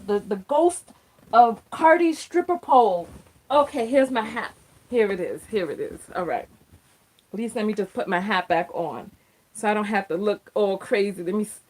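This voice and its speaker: A woman hosting a casual live stream from her RV, talking to viewers in an animated, exasperated way. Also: medium pitch. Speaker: host.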